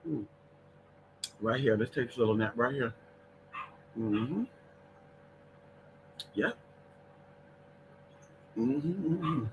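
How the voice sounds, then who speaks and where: A man's voice: medium pitch, expressive, drawn-out words, long pauses, background noise. A man chatting casually and playfully on a live stream, talking to his pets and his viewers. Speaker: vlogger doing a live stream.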